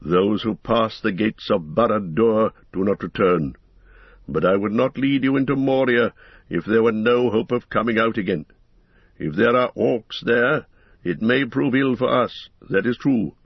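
A man giving voice to a grave old wizard, stern and commanding. The voice sits low and husky, and the words come measured and weighty, on a dull lo-fi recording. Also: dry recording. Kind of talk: audiobook character reading.

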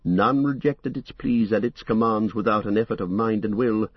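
A man reading a fantasy novel as an audiobook, in a steady, measured way. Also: lowish voice, husky, dry recording, muffled recording. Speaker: narrator. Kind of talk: scripted audiobook narration.

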